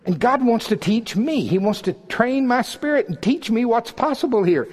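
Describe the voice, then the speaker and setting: A male preacher giving a sermon in a church service, animated and joking, swinging between loud and soft delivery. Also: very high voice, moderate pace, slightly rough.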